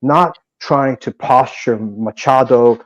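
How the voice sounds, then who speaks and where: A man's voice: medium pitch, slow, dry recording. A man being interviewed as a guest actor, speaking in an intense, reflective and earnest way. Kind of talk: interview conversation. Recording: dry, dull lo-fi audio.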